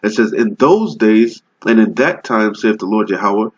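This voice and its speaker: Man, husky voice, bible teaching, slow verse reading, casual asides, dull lo-fi sound. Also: lowish voice, expressive. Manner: reads verses slowly then explains in casual talk, tags lines with "all right?". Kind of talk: street-style scripture teaching. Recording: dull lo-fi recording.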